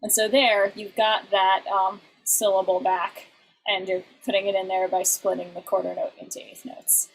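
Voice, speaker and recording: A woman teaching an online class, explaining in halting bursts and now and then breaking into short sung examples. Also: mid-range voice, flat delivery, a little hiss or hum, rough recording.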